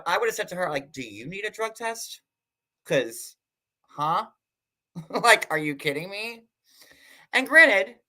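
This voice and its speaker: A man hosting a casual livestream, chatty and sarcastic, filling his talk with "like" and quick asides. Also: a little high, pushed and bright. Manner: chatty, sarcastic, full of "like" fillers. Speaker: host.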